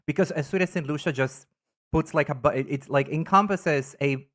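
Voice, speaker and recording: A man chatting casually on a live stream, camp and animated, greeting viewers by name while he ranks things. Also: on the high side, normal speed. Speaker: live streamer reading chat. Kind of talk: casual live-stream chat ranking items.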